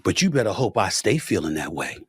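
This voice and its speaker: A man ranting as a talk-show host, loud and emphatic, repeating himself for force. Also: sits low, sing-song, fairly quick, slightly rough, dry recording, studio quality. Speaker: sports commentator and show host. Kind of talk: heated talk-show rant.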